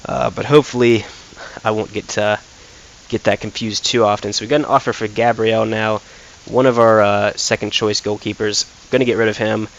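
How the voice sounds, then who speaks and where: A man's voice: on the low side, level tone, normal speed, muffled recording, a little hiss or hum. An American man giving casual commentary over a football career-mode game, thinking aloud with frequent fillers. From United States. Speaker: gaming YouTuber.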